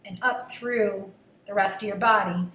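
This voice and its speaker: Friendly female host, playful and quick to restate ideas, in a room with faint background hum. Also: medium pitch, steady tone, fairly bright tone. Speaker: interview host. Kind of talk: casual interview chat. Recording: roomy sound, faint ambience.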